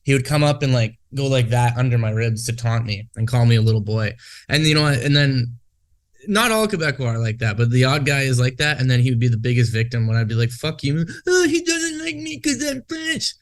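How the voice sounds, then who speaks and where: A man in a loose, casual podcast conversation, his voice sitting at an ordinary middle pitch. He swears a lot and drifts from one tangent to the next. The delivery is unscripted and talky. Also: quick pace. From Western Canada. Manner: profane, rambling, goes off on tangents. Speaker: podcast co-host.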